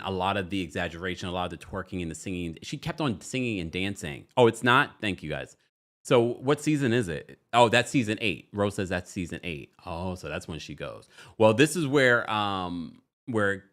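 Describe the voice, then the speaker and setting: A man's voice: on the low side, fairly bright tone. A man hosting a live stream, chatting casually and reading viewer comments aloud as he goes. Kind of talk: casual live recap chat.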